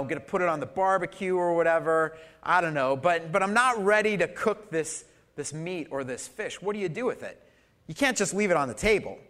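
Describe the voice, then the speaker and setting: Animated preaching man. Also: fairly high pitch. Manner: animated, swings from loud emphasis to soft asides; conversational, with fillers and audience questions. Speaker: pastor. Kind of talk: sermon. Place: church service.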